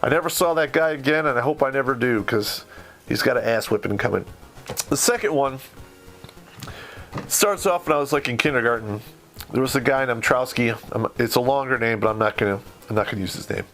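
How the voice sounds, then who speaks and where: Profane, blunt middle-aged storyteller. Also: male voice, mid-range voice, a little fast, a bit bright, faint music behind. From Michigan, USA. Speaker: podcast host. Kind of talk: casual storytelling.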